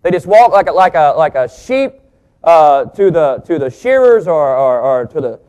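Joking, lively male preacher, higher voice. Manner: lively, joking, pitch swings for emphasis; slows and stresses key words. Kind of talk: sermon with jokes.

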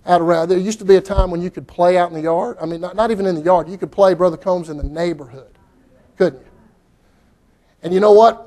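Fervent high-voiced preacher man. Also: a little mellow. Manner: folksy, repetitive, rising to fervent outbursts. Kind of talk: sermon. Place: church.

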